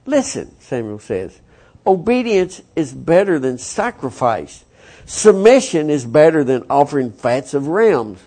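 Folksy preacher with a higher-pitched voice. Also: male voice, lively intonation, unhurried, dark tone. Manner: folksy asides, acts out the quoted lines. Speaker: pastor. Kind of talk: sermon, Bible reading with commentary.

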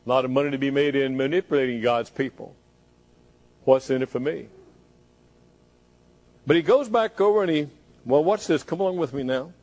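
A man's voice: mid-range voice, normal speed, long pauses, a little mellow, rough recording. A man preaching a fervent sermon, pressing the listeners with repeated rhetorical questions.

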